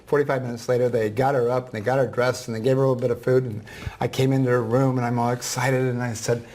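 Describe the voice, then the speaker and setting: On a talk show, a male reading teacher with a medium-pitched voice talks at a quick pace through an emotional story. Soft-hearted and lively, he acts out each line of dialogue.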